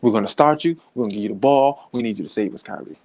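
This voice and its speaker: A man's voice: on the low side, fast, darkish tone, voice pushed down, lightly acted. A man acting out a desperate male team executive begging a star player to return. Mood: pleading. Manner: begging, wheedling.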